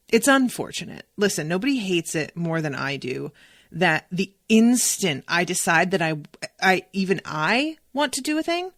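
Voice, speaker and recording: A young adult woman hosting a solo book podcast, talking in a chatty, animated way and swearing freely. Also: fairly low pitch, no room sound, clean studio sound. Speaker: podcast host. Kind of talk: casual solo book discussion.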